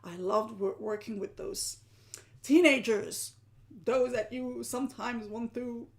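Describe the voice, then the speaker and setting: A woman, a live-streaming art journaling teacher who often sinks into a soft whisper and laughs at herself. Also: fairly high pitch, takes it slowly. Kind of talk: live-stream talk to viewers.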